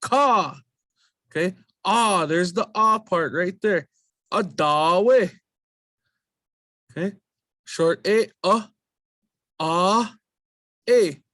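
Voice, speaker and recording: Guy slowly drilling vowel sounds, repeats every word, dry close sound. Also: high-pitched, sharp tone, no room sound. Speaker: language teacher. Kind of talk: slow spoken language lesson.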